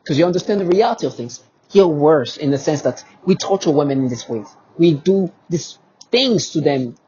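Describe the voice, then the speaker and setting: A man's voice: a little high, lively intonation, moderate pace, warm tone, muffled recording, a little hiss or hum. A man speaking in an agitated monologue to camera. He talks emphatically and repeats himself, with many restarts and rhetorical questions. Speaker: vlogger.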